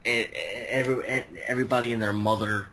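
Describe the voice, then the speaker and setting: A man giving his opinions in a casual panel chat, incredulous and quick to exclaim. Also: mid-range voice, fairly even intonation, bright, forceful tone, slight background noise, poor audio.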